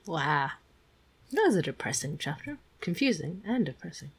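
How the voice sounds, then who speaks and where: A woman's voice: low voice, big pitch swings, normal speed, breathy edge. A woman co-host casually talking over a chapter of a novel. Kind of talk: casual book discussion.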